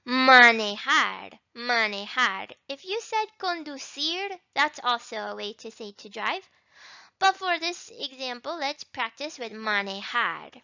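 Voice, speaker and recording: A woman gives an introductory language lesson with a high, bright voice that rises and falls a lot. She talks slowly and sounds words out with care. The recording is dry and a little dull. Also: gravelly, dry recording. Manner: slow, careful modeling of Spanish words. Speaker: Spanish teacher.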